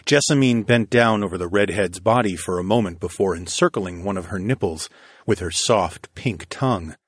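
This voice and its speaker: Deep, husky male audiobook narrator. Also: no room sound, clean studio sound. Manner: slow, intimate, steady storytelling. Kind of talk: first-person erotic audiobook narration.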